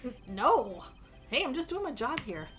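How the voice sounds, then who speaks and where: Woman game streamer, joking, crude asides, strained voice, fairly high, faint music and typing. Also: big pitch swings, normal speed, a bit bright. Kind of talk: live game stream, reading dialogue aloud.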